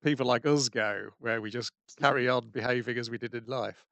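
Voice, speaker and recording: A man's voice: medium pitch, steady tone, a little fast, vocal fry, fairly bright tone, dry recording. A man co-hosting a casual podcast, introducing and recapping episodes with frequent fillers. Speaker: podcast co-host. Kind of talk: casual anime podcast chat.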